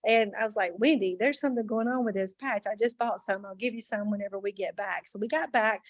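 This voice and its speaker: A woman's voice: medium pitch, fast. A woman giving an earnest, faith-filled testimonial to a crowd at a business event. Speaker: speaker sharing a testimonial. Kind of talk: testimonial speech.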